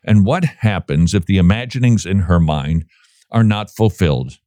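A man talks with a sarcastic, joking edge and a lively, swinging pitch. He laughs often as he riffs with his co-host. The sound is close and dry. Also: moderate pace, dry recording. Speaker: podcast co-host. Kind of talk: casual commentary.

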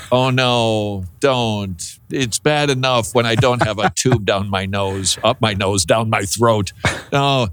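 A man's voice: fairly low pitch, slow. A man hosting a radio call-in show, talking casually and joking with his co-host between listener questions. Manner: conversational, self-deprecating, jokey asides.

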